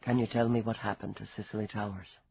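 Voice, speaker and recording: A man voicing a cool, wry, wealthy Irishman with a soft, low, amused Irish-accented voice, in a dull recording. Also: little pitch movement, quick pace, vocal fry, breathy edge, dry recording.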